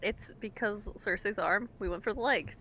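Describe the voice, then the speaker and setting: A woman's voice: medium pitch, moderate pace, sharp tone, slight background noise. A woman playing in a tabletop game, chatty and giggly as she talks. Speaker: player. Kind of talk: casual chat at a tabletop game.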